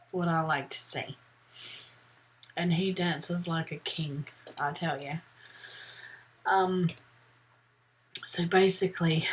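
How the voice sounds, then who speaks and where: A woman's voice: fairly low pitch, low-quality recording. A middle-aged woman vlogging from a room at home, talking in a rambling, chatty way with lots of ums. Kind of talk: casual chat.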